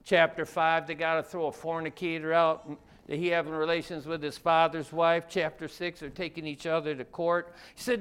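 A man with a high, smooth and resonant voice delivers a folksy Bible-teaching sermon. He talks in a loose, colloquial way and keeps firing rhetorical questions at his listeners. His voice stays clear and ringing throughout. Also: level tone, moderate pace, a bit bright. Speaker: preacher.

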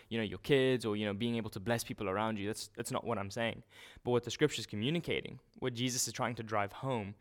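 Man preaching a relaxed, informal sermon. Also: mid-range voice. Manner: relaxed, informal, with frequent restarts and fillers. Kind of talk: conversational sermon.

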